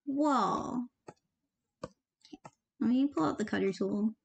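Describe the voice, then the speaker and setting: A young woman with a high, light voice talks her way through her work in a loose, rambling way. She jokes at her own expense and drops casual tips as they come to her. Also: lively intonation, a little slow, slight background noise. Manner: rambling, jokey, gives offhand tips. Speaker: animator. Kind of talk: casual commentary while working.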